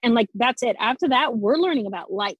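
A woman's voice: fairly high pitch, expressive, fairly quick, breathy edge, no echo, lo-fi sound. A woman with a New Jersey accent, a forest school teacher talking bluntly and swearing freely in a casual podcast chat.

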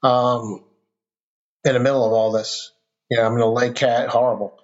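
A man's voice: mid-range voice, little pitch movement, moderate pace. Earnest rambling middle-aged man, lo-fi. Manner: earnest, rambling with restarts and fillers. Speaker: podcast guest. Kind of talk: casual storytelling conversation. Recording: dull lo-fi sound.

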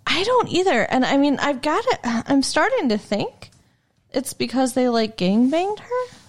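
A woman's voice: high-pitched, very animated, unhurried. Puzzled woman podcast co-host. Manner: questioning, puzzled, lots of "like". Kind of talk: casual chat about a film.

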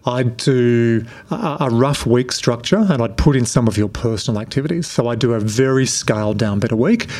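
A middle-aged Australian man with a relaxed, conversational manner, answering interview questions as a productivity coach. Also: mid-range voice, normal speed, hardly any pauses. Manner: relaxed, conversational, frequent restarts.

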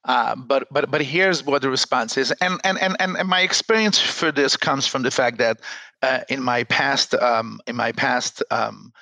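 A man's voice: medium pitch, normal speed, gravelly, pushed and bright, no echo, rough recording. A man speaking as a rabbi in an earnest panel discussion, often repeating words as he starts a sentence. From United States.

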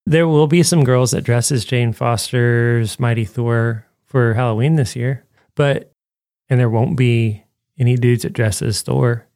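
Animated man rambling through a film review. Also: mid-range voice, a little slow, no room sound, studio quality. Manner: rambling, animated, frequent "like" fillers. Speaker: podcast co-host. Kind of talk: casual film review chat.

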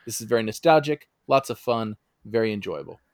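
A man co-hosting a casual podcast who speaks in a measured, hesitant way with many uhs. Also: on the low side, lively intonation, no room sound, studio quality. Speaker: podcast co-host.

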